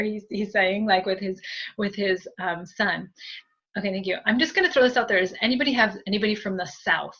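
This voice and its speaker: A woman medium giving a group reading in a gentle, chatty way, with many fillers and soft thank-yous. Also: mid-range voice, a little fast, highs cut off. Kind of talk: spiritual reading, conversational.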